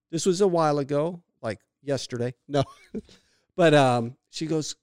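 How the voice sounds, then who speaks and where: A middle-aged man co-hosting a podcast, telling stories in a lively way and laughing often. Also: mid-range voice, unhurried, smooth, no echo, studio quality. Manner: animated storyteller who laughs often. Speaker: podcast co-host. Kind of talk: casual chat.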